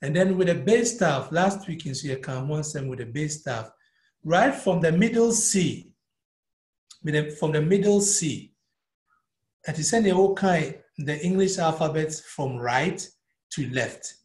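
Ghanaian male music teacher, unhurried, switches between English and Twi, reverberant room. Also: a little high, lively intonation, a little mellow. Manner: mixes English and Twi, spells out note names one by one. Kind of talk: live-streamed music theory lesson. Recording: echoey room.

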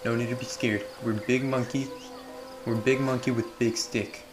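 A man doing let's play commentary, excitable and prone to yelling reactions and silly caveman talk. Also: medium pitch, normal speed. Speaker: gaming video creator. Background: game music.

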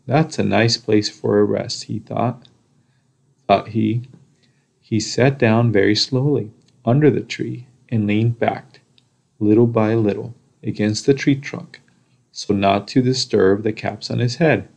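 A man reading a children's picture book aloud, slow and deliberate with pauses. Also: on the low side, steady tone, vocal fry, a little mellow. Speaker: storybook reader. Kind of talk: children's story read-aloud.

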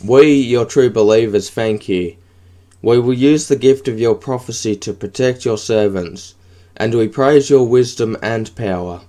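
A man's voice: medium pitch, a little slow, warm tone, natural voice. A man voicing a pompous, devout alien president who pleads solemnly with his god in an audiobook.

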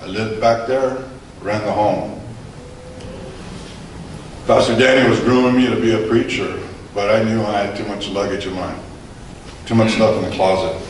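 A man's voice: lowish voice, steady tone, normal speed, long pauses, a little hiss or hum. A man in his forties or older giving a personal testimony to a church audience, telling his story conversationally and acting out the dialogue. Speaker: guest speaker giving testimony. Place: large echoey hall. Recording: echoey hall, voice from far off.

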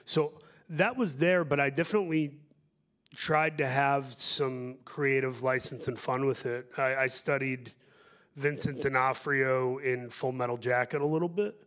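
A man's voice: medium pitch, fairly even intonation, measured pace, fairly bright tone. Guy at a film q&a, jokey and rambly, pokes fun at himself. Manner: joking, rambling, self-deprecating. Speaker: actor on a panel. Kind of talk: festival Q&A answers.

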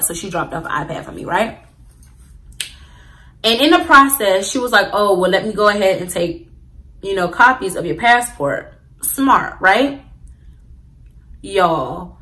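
A woman's voice: fairly low pitch, sharp tone, rough recording. A young woman telling a storytime to her viewers in a casual, slangy way, talking straight to the audience. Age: young adult. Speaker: vlogger.

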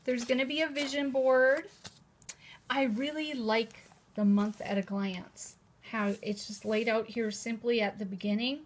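A woman presents new planners on a relaxed live stream, sitting indoors at a table at home and addressing a camera propped in a holder. Chatty and gushing, she repeats "how cute is that" in a slightly high, fairly even voice, speaking a little slowly, with a bit of hiss or hum on the recording.

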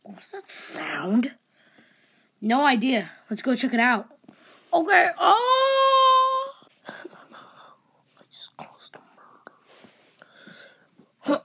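A woman with a very high, lively voice plays out a goofy party skit. She talks slowly and playfully, often sinking into mumbled whispers between louder bits. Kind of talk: playful toy-play voices.

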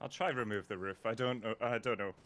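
A deadpan man chatting during a game, with a bright, sharp tone. A faint hiss sits under his dry remarks. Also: lowish voice, fast talker. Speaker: fellow player on voice chat.

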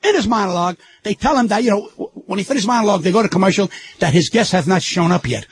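An older man, a comedian guest telling animated stories on talk radio, repeating himself and acting out quotes. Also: high voice, very fast, a little hiss or hum. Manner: excitable, repeats himself, acts out quotes in raised voice.

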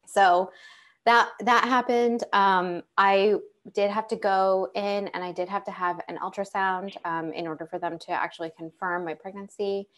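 A woman's voice: medium pitch, fairly even intonation, moderate pace. A young adult woman telling her own story as a panel guest, speaking conversationally with many fillers and restarts. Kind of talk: conversational personal account.

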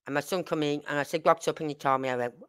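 A middle-aged woman tells stories in a blunt, salty way, talking straight to her viewers. Her voice sits a little low but comes across bright and forceful, and she acts out what people said as she goes. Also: fairly even intonation, racing, clear, resonant tone. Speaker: channel host. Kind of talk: casual storytelling to camera.

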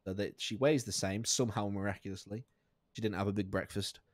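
A man giving live commentary on a game he is playing, jokey and sweary, laughing often, with sudden high squeaks of outrage. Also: fairly even intonation, fairly quick, no room sound, studio quality. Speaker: streamer.

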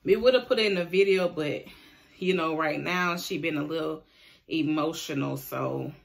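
A woman's voice: sits low, normal speed, gravelly. A woman hosting a casual home vlog, chatting with viewers and coaxing her son as she shows off gifts. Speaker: vlog host and mother. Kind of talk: casual unboxing chat with viewers.

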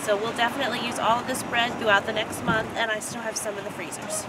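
A woman's voice: on the high side, level tone, quick pace, heavy background noise. A woman casually narrating a family vlog, chatty and upbeat with frequent fillers. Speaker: vlogger, mother of a large family.

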